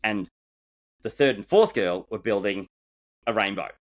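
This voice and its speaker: A man telling stories as a guest in a casual chat, lively and full of restarts. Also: lowish voice, measured pace. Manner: animated storyteller with frequent restarts. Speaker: guest, former reality-show builder.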